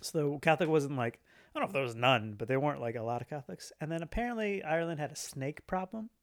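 A young man co-hosting a podcast in casual chat, telling jokes deadpan and laughing at his own bits. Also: fairly high pitch, fast. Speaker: podcast co-host.

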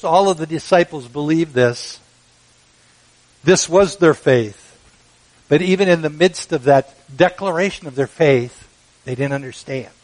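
A man preaching a sermon, measured and emphatic, with dramatic pauses. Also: fairly high pitch, low-quality recording. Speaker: pastor.

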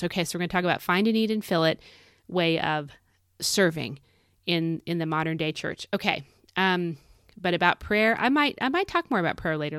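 A woman's voice: fairly low pitch, a bit bright, clean tone, no room sound, studio quality. A middle-aged woman hosting a devotional podcast, preaching in a fervent, folksy, exhorting way. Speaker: podcast host.

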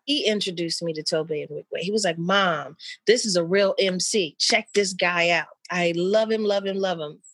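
A mother talking with an old friend in loose, rambling chat, with lots of fillers and lively pitch jumps when she quotes people. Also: normal speed, hardly any pauses, dry recording, studio quality. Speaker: mother of an eleven-year-old.

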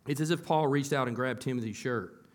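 A man's voice: medium pitch, brisk. A man preaching a sermon as a pastor in a church, in a conversational way that often asks the congregation questions and repeats words as he restarts.

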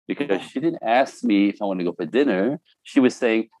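A man's voice: lowish voice, lively intonation, a little fast, darkish tone, no echo. A middle-aged man talking casually and telling stories, laughing often and mimicking other voices. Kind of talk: casual podcast chat.

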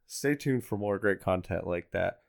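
A man's voice: deep voice, moderate pace, vocal fry. A young man co-hosting a podcast, rambling through dry jokes in casual banter. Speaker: podcast co-host. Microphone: headphones and desk mic.

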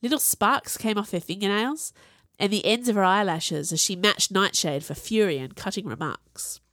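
A woman narrating a first-person fantasy audiobook in a wry, conversational, expressive way. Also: mid-range voice, moderate pace, no room sound, clean studio sound.

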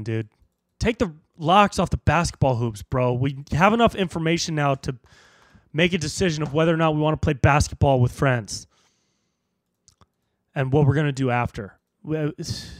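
A young man hosting a solo podcast, ranting in a profane, animated way and jumping into squeaky high voices for jokes. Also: dry recording, clean studio sound. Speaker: podcast host.

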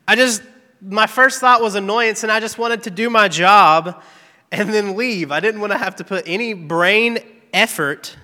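A man's voice: sits high, measured pace, sharp tone. A man giving an earnest, candid devotional testimony, telling a personal story about his work. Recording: long reverb, echoey hall.

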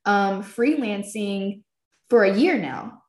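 A woman with a mid-range voice tells a story at a slow pace, laughing as she goes in loose, profane, casual talk. She is a filmmaker and podcast creator, and the recording has a roomy echo.

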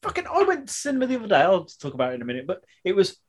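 A man's voice: high-pitched, huge pitch swings, racing, husky. A man co-hosting a podcast with amused, dry asides in casual chat. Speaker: podcast co-host.

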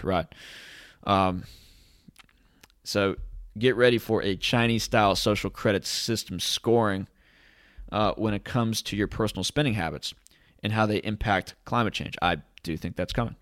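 A man's voice: fairly low pitch, normal speed, dry recording, studio quality. A man hosting casual commentary in a sarcastic, rambling way. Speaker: host.

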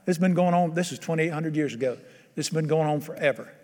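Male pastor, sermon, higher voice, talks with the congregation and asks them questions, reverb-heavy room. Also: quick pace, darkish tone. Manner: conversational, quizzes the congregation.

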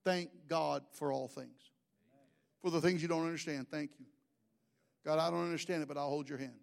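A man's voice: fairly high pitch, moderate pace, creaky. A middle-aged man, preaching a sermon in a folksy, humorous storytelling way. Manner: folksy, humorous, animated storytelling with mimicked voices. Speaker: pastor.

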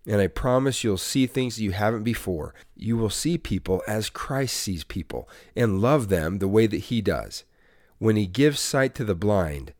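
Male devotional podcast host, lowish voice, earnest scripted storytelling, dry close mic. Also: darkish tone, no room sound. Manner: earnest, measured storytelling with preacher-like emphasis.

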